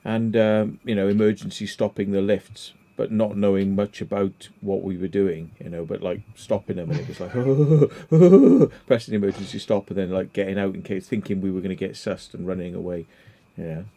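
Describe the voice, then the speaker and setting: A man's voice: low voice, normal speed, few pauses, dark tone. A man hosting a casual livestream chat, telling stories in a rambling way full of fillers. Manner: rambling storyteller, many fillers. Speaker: livestream host.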